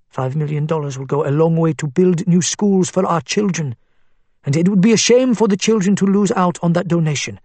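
A man voicing a suave male doctor who speaks with measured, courteous politeness. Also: on the high side, darkish tone, breathy edge, dry recording, voice pushed up.

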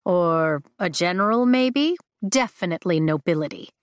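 A woman reading as a sharp, sarcastic young nobleman who misses nothing, his teasing lines landing wry and close. The voice sits low for a woman and the recording is dry, with no room sound. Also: expressive, normal speed, dry recording, natural voice. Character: sarcastic observant young male noble rider.

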